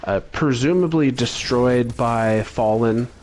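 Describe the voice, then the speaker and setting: A man co-hosting a casual podcast, calmly summarizing game lore with frequent fillers. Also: medium pitch, slow pace, a little hiss or hum. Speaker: podcast co-host.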